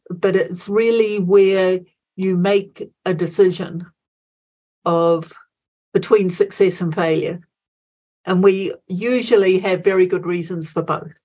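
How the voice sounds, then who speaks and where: A woman in her sixties with a New Zealand accent, a guest telling a story in a reflective, unhurried way. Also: on the low side, darkish tone. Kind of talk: casual chat.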